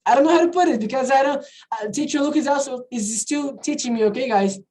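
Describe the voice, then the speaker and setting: A woman's voice: high voice, fast, warm tone, low-quality recording. Chatty woman teaching an online class. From not from the country where she teaches. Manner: chatty, repeats "all right, guys?" and switches into Portuguese.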